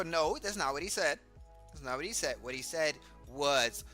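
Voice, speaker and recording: A man's voice: on the high side, moderate pace, sharp tone, soft background music. Ranting, foul-mouthed male streamer. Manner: blunt, ranting, heavy swearing. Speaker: streamer reacting to clips. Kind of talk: profane reaction commentary.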